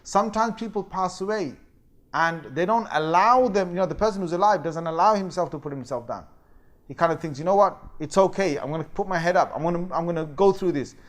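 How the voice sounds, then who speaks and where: A man teaching a religious lecture, telling the story in a lively way and acting out quoted voices and fake crying. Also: high-pitched, fairly quick. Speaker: Islamic teacher.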